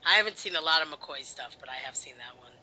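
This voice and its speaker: A man with a bright, crisp voice, a little higher than most, chatting casually about a film. He muses aloud and lets his sentences trail off. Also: expressive, fast talker, low-quality recording.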